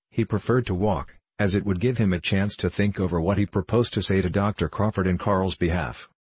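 A man narrating an audiobook in a steady, measured reading style. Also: sits low, husky, dry recording. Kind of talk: scripted narration.

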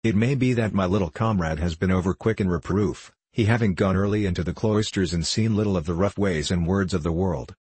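A man reading the part of a big, strong, steady-tempered comrade. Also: low voice, fairly quick, hardly any pauses, breathy edge, dry recording. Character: huge, strong young man, calm and loyal.

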